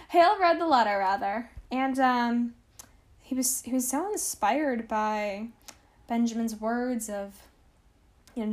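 Chatty young woman telling history. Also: high-pitched. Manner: chatty, full of "like" and self-corrections. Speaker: podcast host. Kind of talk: casual history storytelling. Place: at home.

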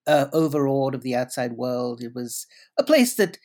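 A man's voice: mid-range voice, very animated, normal speed, a little mellow. This is a middle-aged man whose accent mixes Indian and British English. He talks casually in an interview with a dry, wry edge. He hesitates and repeats himself often as he works through his answers. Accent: Indian and British English blend. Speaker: guest, journalist and columnist.

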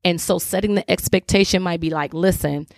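A woman's voice: fairly low pitch, fairly even intonation, fairly quick, dry recording, clean studio sound. Woman preaching frank marriage advice. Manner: direct, preachy, emphatic coaching; informal, addresses listeners as y'all. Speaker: podcast host. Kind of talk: faith-based advice talk to wives.

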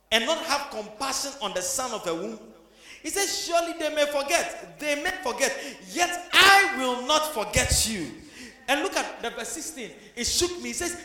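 A man preaching a sermon, moving from hushed passages up to shouted emphasis. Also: high voice, reverberant.

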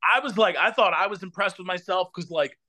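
A man's voice: sits high, fairly quick. A man in his forties chatting casually as a podcast guest, swearing freely and acting out quotes as he tells stories. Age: 40s. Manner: profane, animated storytelling with acted-out quotes. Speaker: podcast guest, band vocalist. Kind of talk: casual chat.

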